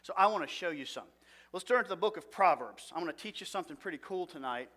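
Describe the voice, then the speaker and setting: Middle-aged male Bible teacher, earnest, questions the room, bright, slightly higher pitch. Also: expressive, quick pace. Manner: earnest, asks the audience questions, drops to a low soft voice for feelings.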